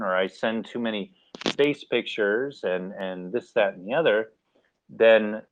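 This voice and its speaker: An American man speaking as a panelist in a casual live discussion, animated and acting out little scenarios as he talks. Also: on the low side, no room sound. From United States. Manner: animated, acts out mock scenarios, laughs. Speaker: AMA panelist. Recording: tinny phone-like line, dry.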